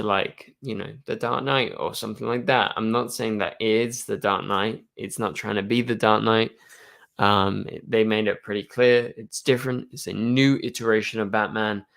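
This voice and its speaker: A man's voice: lowish voice, vocal fry, a bit bright. A young man hosting a live stream, chatting casually and answering viewer questions, rambling with lots of fillers. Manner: rambling, full of "like" and "um".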